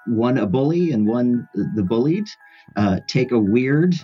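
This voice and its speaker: An easygoing man, a pastor, chatting as a podcast guest with a husky voice that rises and falls a lot. He pauses and hesitates now and then as he talks. The audio sounds slightly dull, with faint music underneath. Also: mid-range voice, animated. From rural New York. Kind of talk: casual podcast chat.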